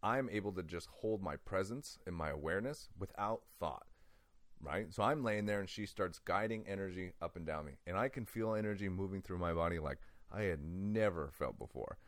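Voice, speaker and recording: A man with a very low voice tells a personal story in loose, casual talk, laughing often and filling his sentences with "like". The sound is dry and close, with no room around it. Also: moderate pace, no room sound. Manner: animated, laughs often, many "like"s. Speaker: guest.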